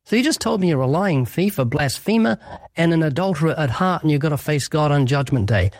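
A man's voice: fairly high pitch, animated, fairly quick, dry recording, studio quality. A man speaking as an evangelist guest in an interview, earnest and emphatic, acting out short quoted exchanges. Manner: earnest, emphatic, illustrates with little acted quotes. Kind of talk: preaching interview answer.

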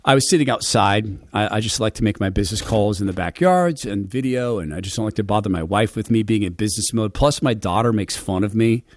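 A middle-aged man hosting a radio show, telling a personal story to his listeners in an earnest, heartfelt, conversational way with quick restarts. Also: fairly low pitch. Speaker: radio and podcast host.

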